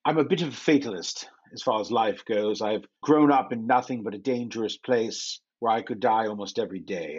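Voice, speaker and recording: A man speaking calmly and steadily in character during a tabletop game. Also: fairly low pitch, a little fast, hardly any pauses, slightly rough, highs cut off. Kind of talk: in-character role-play.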